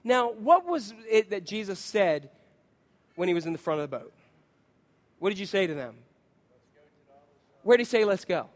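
A man preaching a sermon, telling stories with lively acted-out quotes and asking his listeners questions. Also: high-pitched, moderate pace, pauses often. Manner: animated storytelling, acts out quotes, asks the congregation questions. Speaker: pastor.

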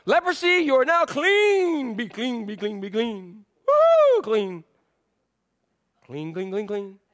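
Comic preacher's put-on: male pastor playing a whooping, showy prophet, high-pitched. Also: very animated, slow, fairly bright tone, heavily acted. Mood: exuberant. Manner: whooping, cheering. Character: excited male prophet shouting a miracle.

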